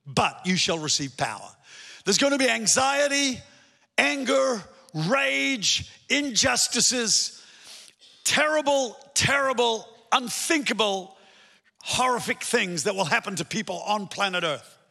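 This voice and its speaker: High, gravelly-voiced male preacher. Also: a little slow. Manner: animated, swinging from emphatic to hushed storytelling. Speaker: pastor. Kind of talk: sermon. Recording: long hall reverb.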